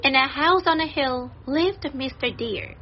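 A woman reading a children's story aloud and pronouncing vocabulary words with slow, careful enunciation. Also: high voice, highs cut off, slight background noise. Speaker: story narrator and vocabulary teacher.

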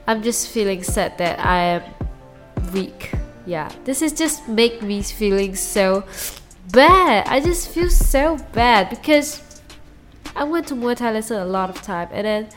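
A woman whose first language is Mandarin Chinese, hosting a solo diary podcast and talking haltingly as she searches for English words and restarts her sentences. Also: fairly high pitch, soft background music. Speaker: podcast host.

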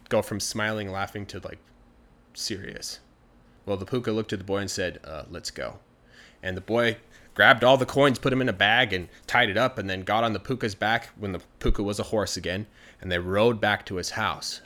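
A man with a lowish voice tells a folktale in a relaxed, chatty way. He sounds animated and easygoing, asking his listeners along as he goes. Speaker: storyteller. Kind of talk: casual storytelling.

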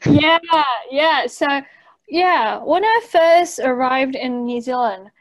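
High-voiced giggly woman. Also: animated, slow, dry recording, rough recording. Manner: giggly, chatty, drifts quiet at times. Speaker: podcast co-host. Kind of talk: casual chat.

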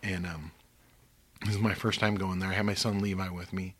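An older man from Missouri, a guest telling faith testimony stories earnestly, sometimes dropping to a hushed whisper. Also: low-pitched, level tone, a little fast, breathy edge.

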